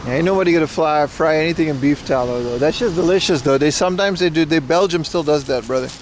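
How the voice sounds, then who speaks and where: Brief: young male street streamer, raised pitch, bro-ish profane banter, light traffic noise. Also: fast. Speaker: livestream host. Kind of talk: casual live-stream chat. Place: outdoors on a city street. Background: faint street and traffic noise.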